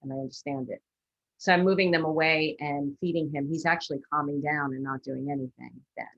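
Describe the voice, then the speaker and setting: Low-voiced woman from Brooklyn with rambling questions. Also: steady tone, creaky, a bit bright, muffled recording. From Brooklyn, New York. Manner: rambling, asks questions in quick bursts. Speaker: dog owner asking for advice. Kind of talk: casual questions on a video call. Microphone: video call.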